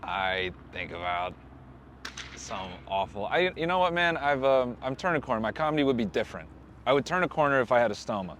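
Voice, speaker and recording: A man's voice: medium pitch, animated, very fast, a bit bright, slight background noise. A man who is a comedian, guesting on a podcast and riffing in a self-deprecating way. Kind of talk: casual comedic chat.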